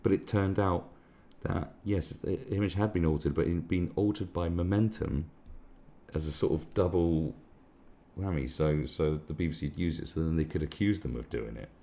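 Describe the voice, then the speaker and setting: A man's voice: deep voice, normal speed, gravelly, mellow. A man hosting a live stream, ranting sarcastically and swearing a lot in casual commentary. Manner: crude, sarcastic, swears often.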